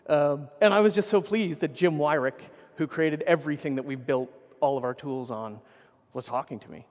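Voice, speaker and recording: A man's voice: a little high, moderate pace, in a large hall. A man giving a conference keynote, telling rambling anecdotes full of swearing and self-corrections into a stage microphone. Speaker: keynote speaker.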